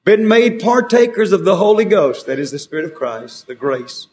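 Preaching man with a fairly high voice. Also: very animated, normal speed, a little mellow. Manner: preaching with rising and falling emphasis, quoting scripture. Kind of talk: sermon.

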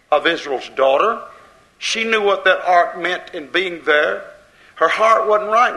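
A male pastor delivers a fervent sermon in a bright, slightly raised voice. He surges in volume and then sinks low, pressing each point on his listeners. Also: low-quality recording. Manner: impassioned preaching, rising and falling in loudness.

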